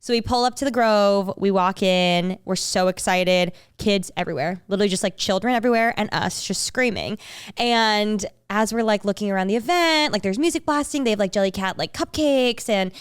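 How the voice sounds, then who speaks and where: Young female podcast host, animated storyteller who acts out quotes; smooth, clear voice, dry close recording. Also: mid-range voice, fairly quick, no echo. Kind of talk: casual chat.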